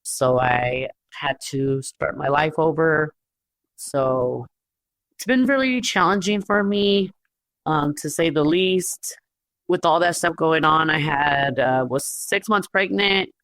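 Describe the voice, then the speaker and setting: A woman's voice: low voice, slow pace, a bit bright, no echo. A woman leaving a voice message for an advice show, speaking hesitantly and holding back tears. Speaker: caller. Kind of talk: recorded voice message.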